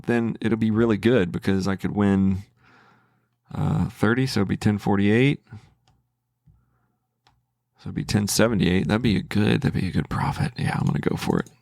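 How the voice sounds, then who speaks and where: A man's voice: fairly low pitch, steady tone, moderate pace, vocal fry, pauses often, darkish tone, no room sound, studio quality. A man giving casual, hesitant commentary as a trading channel host, thinking aloud with restarts.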